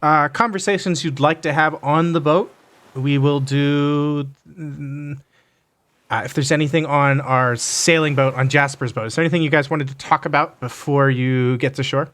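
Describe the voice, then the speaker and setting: A man narrating as game master of a tabletop game, halting often with fillers as he describes the scene. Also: on the high side, steady tone, fairly bright tone. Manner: hesitant, filler-heavy narration.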